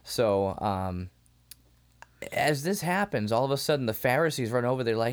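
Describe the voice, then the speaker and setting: A man co-hosting a podcast in casual chat, retelling scenes with lively acted-out lines and frequent laughs. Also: mid-range voice, normal speed. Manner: animated retelling, acting out lines, laughs often. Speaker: podcast co-host.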